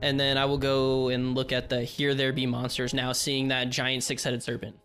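A man playing a tabletop game, talking casually and hesitantly, quick to laugh. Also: medium pitch, completely flat delivery, fairly bright tone, soft background music. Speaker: player.

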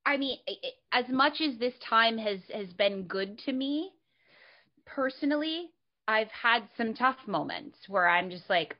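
A woman actor chatting casually, animated and candid, acting out her own past reactions and swearing freely. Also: medium pitch, moderate pace. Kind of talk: casual conversation. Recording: dull lo-fi sound.

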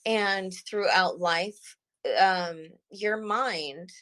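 Slow, halting young woman. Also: medium pitch, low-quality recording. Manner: halting, soft-spoken, with many pauses and fillers. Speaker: guest sharing her story. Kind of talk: personal testimony.

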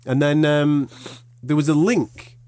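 A man, co-hosting a fight podcast and telling stories in animated casual chat. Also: fairly high pitch, slow, no echo, studio quality. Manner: animated storyteller, acts out quoted voices. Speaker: podcast co-host.

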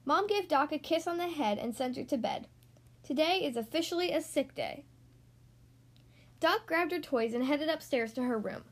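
A woman hosting a podcast, reading a picture book aloud to young kids in a gentle, friendly way. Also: high-pitched, expressive, moderate pace. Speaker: children's book reader, podcast host.

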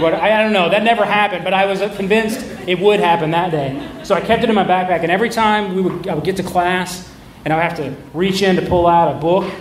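A man's voice: high-pitched, background noise. A middle-aged man telling a candid, self-mocking personal story in a conversational way. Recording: roomy echo.

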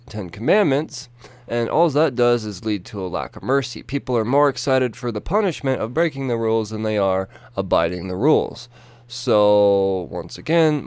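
Rambling, profane young man, low smooth voice. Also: a little mellow, no echo. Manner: rambling, profane, lots of fillers and restarts. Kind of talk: casual comedic story retelling.

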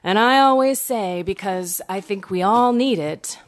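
A woman's voice: medium pitch, moderate pace, hardly any pauses. A woman host giving an earnest, conversational spiritual reflection, now and then acting out quoted voices. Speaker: podcast host. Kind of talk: faith reflection monologue.

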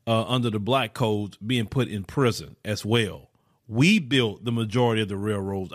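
A man's voice: mid-range voice, no room sound, clean studio sound. A man hosting a casual reaction commentary, blunt and incredulous, stopping a clip to argue with it and firing repeated questions.

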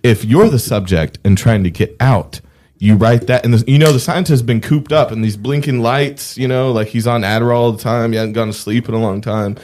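A man's voice: medium pitch, a little fast, darkish tone. A man co-hosting a comedy podcast, spinning elaborate joke scenarios in casual banter. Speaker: podcast co-host.

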